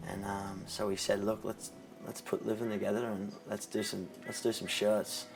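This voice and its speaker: A young Australian man telling a personal story in an interview, halting and often dropping quiet. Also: fairly low pitch, steady tone, music in the background, rough recording. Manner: halting, many restarts, drops to quiet when moved. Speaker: interviewee, charity co-founder.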